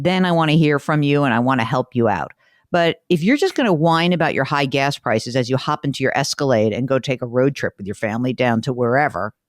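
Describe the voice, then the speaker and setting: A woman's voice: sits low, no room sound, studio quality. A woman hosting a call-in money show, blunt and emphatic in casual talk. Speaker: radio money show host.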